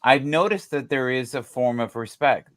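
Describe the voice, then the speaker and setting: A man chatting casually about football on a podcast, animated and joking, with the odd swear. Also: mid-range voice, normal speed. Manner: animated, swears, jokey asides. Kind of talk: casual sports chat.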